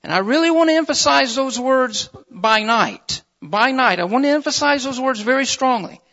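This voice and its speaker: A man's voice: very high voice, fairly quick, a bit bright, long reverb tail, muffled recording. A man preaching a sermon from the pulpit, reading scripture and then building into fervent exhortation. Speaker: pastor. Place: church sanctuary.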